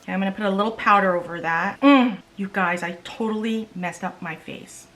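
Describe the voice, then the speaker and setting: A woman's voice: medium pitch, steady tone, a little fast, bright, forceful tone. A woman beauty vlogger in a casual makeup try-on vlog, chatty and exasperated, talking straight to her viewers.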